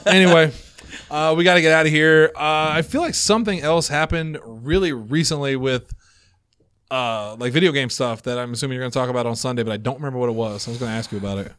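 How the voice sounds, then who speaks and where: A man hosting a casual podcast chat with friends, animated and laughing often. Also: mid-range voice, quick pace, clear, resonant tone, no room sound, clean studio sound. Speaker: podcast host.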